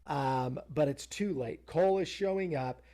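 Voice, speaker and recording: A man's voice: fairly high pitch, a little slow, mellow. A man co-hosting a podcast, recapping a TV episode in a casual, rambling way, full of fillers and self-interruptions. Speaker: podcast co-host.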